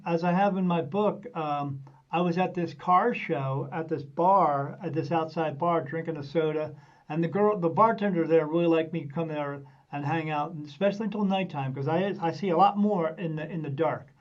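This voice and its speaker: A man, a medium and podcast guest, telling stories casually in a halting way with many fillers and restarts. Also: on the high side. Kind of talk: casual anecdotal storytelling. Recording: dull lo-fi sound.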